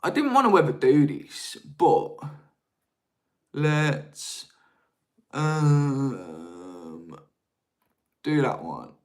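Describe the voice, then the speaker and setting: A man's voice: medium pitch, big pitch swings, very slow, pauses often. A young man hosts a live stream in an easygoing, informal way. He drops slangy asides to his viewers as he talks. His voice sits in a middle register. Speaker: live-stream host on marketing. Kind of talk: casual live-stream talk, reading viewer chat.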